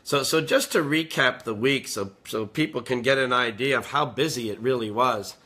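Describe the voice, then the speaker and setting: A man's voice: mid-range voice, moderate pace, bright, forceful tone, husky. A man, a guest who sings, recapping a trip in a chatty, easygoing way. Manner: chatty, laughs easily, recaps events. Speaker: guest and singer. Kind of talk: casual interview chat.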